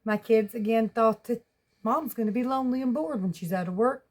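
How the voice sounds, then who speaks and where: Woman Southern vlogger, rambling folksy home chat, a bit high-pitched, laughs a lot. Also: a little fast, a little mellow. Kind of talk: casual home vlog chat. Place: at home with pets.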